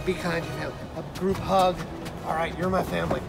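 A man's voice: a little high, flat delivery, a little fast, vocal fry, music in the background. A man playing a jolly pirate captain who teaches children the pirate rules with hearty, growling pirate talk. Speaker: pirate character in an art lesson.

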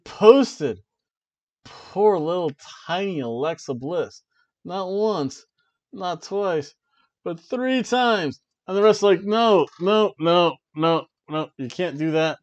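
A man hosting a wrestling review show, talking in an animated, chatty way with offhand asides. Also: mid-range voice. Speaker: wrestling review podcast host. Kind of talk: casual chat.

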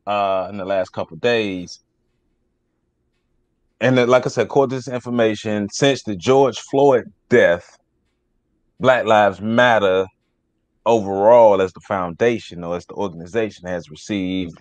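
A man's voice: low voice, no echo. A man co-hosting a casual podcast, laid-back, reading news items aloud. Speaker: podcast co-host.

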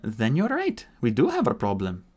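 A man voicing a young, ancient warrior woman with a soft Irish lilt, curt and dry in a storybook audiobook. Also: mid-range voice, wildly swooping pitch, moderate pace, husky. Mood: wary. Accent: Irish, put on.

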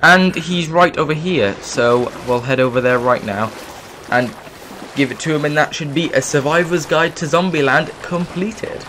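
A man's voice: a little high, moderate pace, hardly any pauses, background noise. Chatty man narrating a game. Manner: rambling, chatty, with sudden exclamations. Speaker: gaming YouTuber. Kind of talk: let's play commentary.

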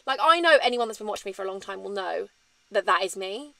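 A woman's voice: medium pitch, expressive, quick pace, gravelly, pushed and bright, no echo. A woman, chatting candidly in a rambling, emotional sit-down vlog. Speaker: vlogger.

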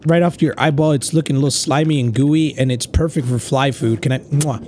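A man giving let's play commentary as he plays, joking around in a crude, excitable way. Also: medium pitch, brisk, few pauses, a little hiss or hum. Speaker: gamer.

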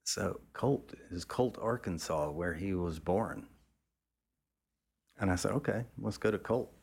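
Low-voiced man telling a rambling story. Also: unhurried, creaky, a little mellow, slightly rough. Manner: rambling, with frequent restarts and casual swearing; acts out other people's lines in a raised pitch. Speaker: photographer telling a story as interview guest. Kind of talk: casual anecdotal storytelling.

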